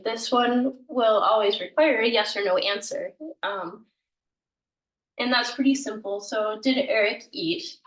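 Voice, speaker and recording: A fairly high-voiced woman explains a language lesson slowly and patiently, stopping often to correct herself. Her voice sounds roomy and a little far from the mic. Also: a bit bright. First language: English. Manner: slow, patient explaining with frequent ums and self-corrections. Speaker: language teacher. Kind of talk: informal recorded language lesson.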